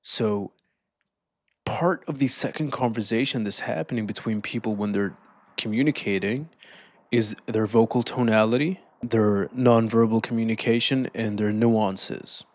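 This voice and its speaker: Man, motivational talk, slow deliberate delivery, casual, dry close sound. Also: fairly low pitch, no echo. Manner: calm, deliberate, slows down for emphasis; casual, says "man" often. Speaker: self-improvement speaker.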